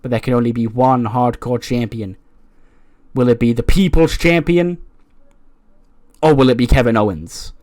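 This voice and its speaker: A man's voice: mid-range voice, moderate pace, a little mellow. Guy chatting through a wrestling game recap, loose and casual, lots of like and you know. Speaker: let's play host.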